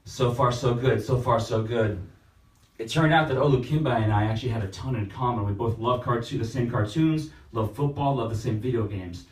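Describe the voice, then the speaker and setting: Young man doing stand-up, deadpan. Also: mid-range voice, moderate pace. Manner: deadpan storytelling, shifting into exaggerated put-on voices. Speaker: stand-up comedian. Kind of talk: stand-up set. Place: small open-mic room. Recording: roomy, distant phone livestream.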